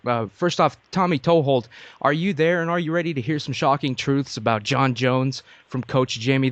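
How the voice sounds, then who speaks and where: A man hosts a comedy podcast with a jokey, mock-grand announcer delivery. His pitch sits in a middle range. The sound is dry and a little dull, like a home mic. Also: no echo. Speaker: podcast host. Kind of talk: comic podcast hosting.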